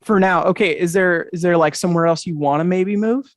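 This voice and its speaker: A man's voice: high voice, a little fast, slight background noise. A man hosting an interactive magic show over a video call, talking to the audience with upbeat, enthusiastic patter. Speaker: magician and host.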